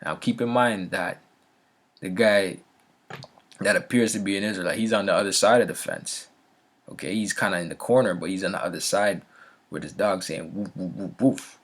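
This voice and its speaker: A man's voice: sits low, a little fast, fairly bright tone. A man telling a story in a loose, casual way, often checking in with the listener and restarting his sentences. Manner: frequent fillers and restarts, a laugh now and then. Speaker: vlogger.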